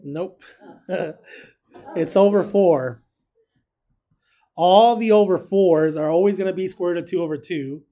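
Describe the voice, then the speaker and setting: A man's voice: high-pitched, a little slow, pauses often, warm tone. A man teaching a casual recorded math lesson, chatty and joking, who keeps quizzing his students.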